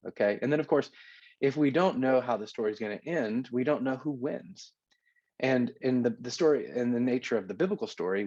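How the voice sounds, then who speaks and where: A man's voice: medium pitch, a little mellow, no room sound, highs cut off. A man teaching a recorded lesson in a conversational way, often checking in with "okay?". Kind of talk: recorded lecture.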